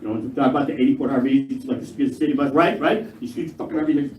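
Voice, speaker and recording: An older man performing a stand-up routine on stage, gruff and profane with punchy, jumpy delivery. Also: medium pitch, quick pace, few pauses, darkish tone. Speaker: stand-up comedian. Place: live comedy club stage. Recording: echoey live room, mic far, crowd noise. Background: audience laughter.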